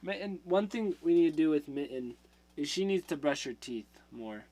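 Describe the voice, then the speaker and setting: A man's voice: on the high side, lively intonation, moderate pace, mellow. A man hosting a livestream, chatting casually with viewers, laughing often and trailing off mid-sentence. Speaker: livestream host.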